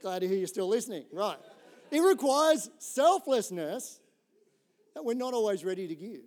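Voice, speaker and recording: Rapid-fire delivery marks this storytelling sermon by a middle-aged Australian pastor with a fairly high voice. Animated and conversational, he peppers his talk with "right?" and shifts easily from funny asides to heartfelt points.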